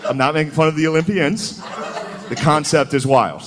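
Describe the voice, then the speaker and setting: A man's voice: on the high side, moderate pace, a crowd in the background. A man doing a stand-up comedy set, crude and profane, laughing his way through his lines. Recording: noisy recording.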